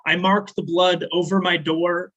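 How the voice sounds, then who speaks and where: A man raised in the American South, performing spoken word poetry at a slam with measured, deliberate delivery and casual, rambling asides between poems. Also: high voice, little pitch movement, a bit bright, lo-fi sound. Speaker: slam poet.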